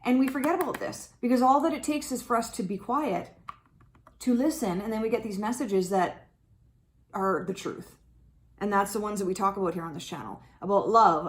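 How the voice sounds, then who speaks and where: A woman's voice: mid-range voice, slight background noise. A woman who hosts a tarot channel, talking casually and frankly to her viewers about spirituality, swearing freely and acting out the voices in her own head. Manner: frank, swearing, animated, acts out inner voices. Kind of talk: casual spiritual talk to camera.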